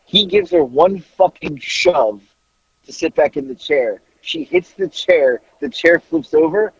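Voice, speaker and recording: A man's voice: a little high, big pitch swings, unhurried, creaky, slightly rough, no echo. A man on a podcast telling a story casually, swearing freely and laughing through it. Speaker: podcast co-host. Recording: dry, slightly dull recording.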